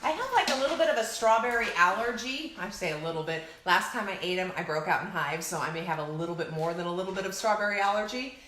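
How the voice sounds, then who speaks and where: A woman chats through a live cooking stream in a home kitchen, speaking straight to her viewers. Her voice sits at an ordinary pitch. It rings in an echoey room over a steady layer of noise. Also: fast, few pauses. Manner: chatty, addresses viewers directly. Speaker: co-host of a cooking livestream. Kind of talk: casual live cooking chat.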